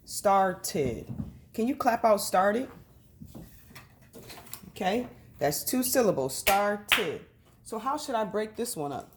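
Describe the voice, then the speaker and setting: A woman teaching a reading lesson to children, speaking slowly and sounding out each syllable. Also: medium pitch, a little mellow.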